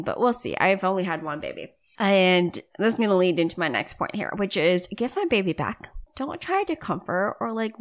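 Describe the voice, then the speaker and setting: A young woman hosting a solo podcast, talking in a candid, earnest way and often saying "like". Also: mid-range voice. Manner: earnest and candid, heavy use of "like". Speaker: podcast host. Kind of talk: casual solo podcast monologue.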